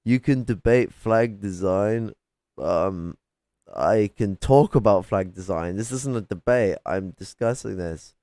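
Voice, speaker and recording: Man, lowish voice, dry close sound; combative, sarcastic streamer lecturing his chat. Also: takes it slowly, warm tone, no echo. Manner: swears casually. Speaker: political streamer debating chat. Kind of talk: heated live-stream argument. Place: home at night.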